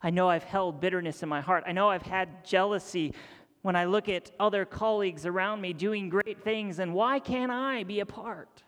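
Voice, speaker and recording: Young male preacher, high-pitched, dramatic and intimate delivery, recorded in a big hall with long reverb. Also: moderate pace. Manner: dramatic storytelling, dropping to near-whispers and rising to excited high voices. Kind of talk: sermon.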